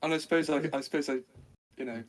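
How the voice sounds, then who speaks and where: A man playing a tabletop game, hesitant and soft-spoken, often trailing off. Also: a little high, fast. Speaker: player. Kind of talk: casual tabletop game play.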